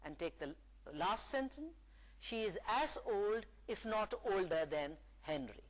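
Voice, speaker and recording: A woman lecturer giving a recorded English lesson, reading example sentences aloud in a slow, deliberate way. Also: medium pitch, lively intonation, poor audio. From Pakistan.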